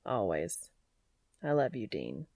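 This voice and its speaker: A woman reading the part of an adult man in love, voicing him soft, low and breathy. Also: sing-song, slow pace, no room sound, heavily acted. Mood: hushed, intimate. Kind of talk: audiobook character reading.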